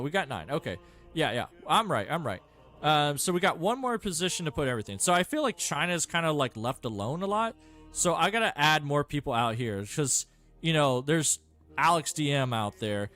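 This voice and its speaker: Male gameplay streamer, animated swoopy delivery, rambling and self-deprecating, soft music bed. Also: fairly high pitch. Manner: rambling, self-mocking, thinks aloud with many fillers. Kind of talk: casual gameplay commentary.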